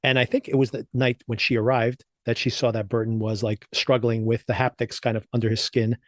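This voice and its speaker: A man's voice: mid-range voice, little pitch movement, fairly quick, no room sound, studio quality. Easygoing male podcast co-host. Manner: easygoing, agreeable, recaps plot at length. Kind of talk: casual chat.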